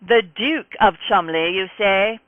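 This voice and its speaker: A woman's voice: medium pitch, takes it slowly, dry recording, lightly acted. Woman doing a cold English butler. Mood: disdainful. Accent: put-on English. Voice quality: cold, clipped. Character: stiff, disdainful male English butler. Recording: tinny phone-like dry sound.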